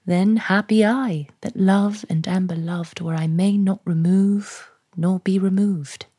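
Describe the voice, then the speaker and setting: A woman with a received pronunciation British accent, reading sonnets aloud in a measured, soft manner that lingers on lines. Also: medium pitch, steady tone, husky, no echo. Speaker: podcast host. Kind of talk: poetry reading.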